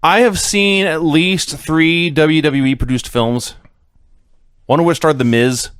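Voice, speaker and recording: A man's voice: on the high side, steady tone, unhurried, fairly bright tone, clean tone, no room sound. A man co-hosting a podcast in casual chat, recapping things with dry, sarcastic humor. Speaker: podcast co-host.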